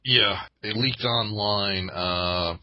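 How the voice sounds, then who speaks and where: A man's voice: lowish voice, drawn-out words, a little hiss or hum. A man co-hosting a casual podcast chat, hesitant, with many fillers and restarts. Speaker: podcast co-host. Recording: dull lo-fi sound.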